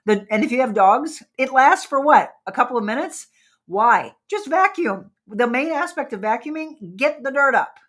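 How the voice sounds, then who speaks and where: A woman's voice: sits high, lively intonation, normal speed, few pauses, fairly bright tone. A woman hosting a wellness talk show, chatting casually and animatedly with her audience and asking them questions. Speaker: host.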